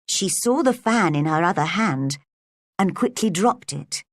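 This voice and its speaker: A woman narrating a storybook aloud in a slow, expressive reading. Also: on the low side, no room sound, studio quality. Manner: lively, expressive.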